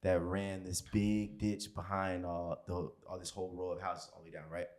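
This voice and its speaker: A man's voice: deep voice, little pitch movement, normal speed, a little mellow. A man from Florida co-hosting a podcast, telling childhood stories in loose, laughing casual chat. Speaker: podcast co-host.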